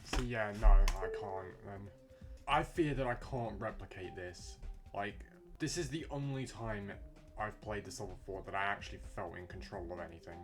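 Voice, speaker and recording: A man's voice: lowish voice, normal speed. A young man, giving frustrated, swear-filled commentary on his own gameplay. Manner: frustrated, swearing rants to himself. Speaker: gamer. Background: music.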